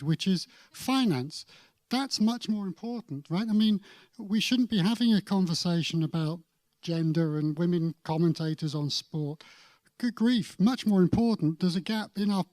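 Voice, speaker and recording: A man's voice: a little high, dry recording. Emphatic British man on a panel. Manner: emphatic, builds to forceful points with repeated restarts. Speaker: conference panelist. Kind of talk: panel discussion. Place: conference stage.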